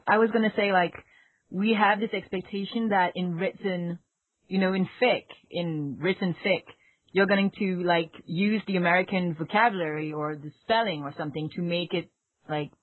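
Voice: mid-range voice, dry recording. A non-native English speaker in a casual podcast chat, talking hesitantly with lots of fillers and restarts. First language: not English. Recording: dry tinny phone-like audio.

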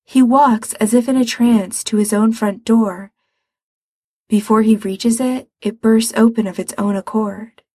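Soft, slow-reading woman narrator. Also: fairly high pitch, fairly even intonation, no echo. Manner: soft, unhurried and breathy. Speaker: audiobook reader. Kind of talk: storybook narration of fan fiction.

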